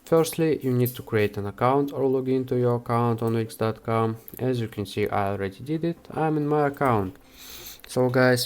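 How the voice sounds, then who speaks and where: A man hosting a software how-to, talking the viewer through each step with frequent hesitations. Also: medium pitch. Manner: unhurried, with frequent "uh" fillers. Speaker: software tutorial host. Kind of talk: screen-recorded how-to walkthrough.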